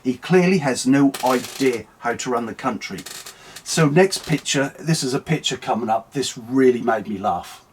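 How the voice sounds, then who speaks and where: A man's voice: medium pitch, expressive, moderate pace, a little hiss or hum. A man hosting an angry, sweary political rant, mocking and heated. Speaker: online commentary host.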